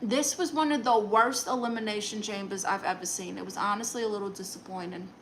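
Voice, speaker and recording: A woman's voice: mid-range voice, fairly even intonation, brisk, a bit bright, slight background noise, poor audio. A woman streaming live in a comic aunt persona, reading chat messages aloud and firing back sassy, dry comebacks.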